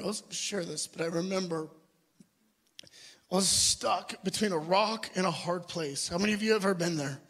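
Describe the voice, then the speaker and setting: A man's voice: high-pitched, fairly bright tone. A young adult man preaching a sermon, telling a personal story earnestly and asking the audience questions. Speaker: pastor.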